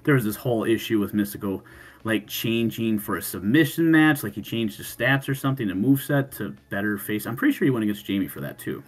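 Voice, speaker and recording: Animated man swapping gaming stories. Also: on the low side, quick pace. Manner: animated, swears freely, laughs, frequent restarts. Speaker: podcast co-host. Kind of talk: casual chat, storytelling.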